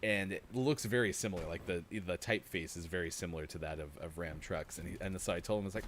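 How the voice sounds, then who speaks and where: Low-voiced chatty man co-hosting. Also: animated, quick pace, a little hiss or hum. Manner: chatty, laughs often, tells anecdotes. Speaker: morning show co-host. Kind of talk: casual chat.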